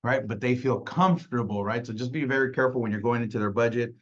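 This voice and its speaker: A man's voice: mid-range voice, fast talker, highs cut off. A man leading a casual sales training call, talking conversationally and acting out clients, with many "right?" tags.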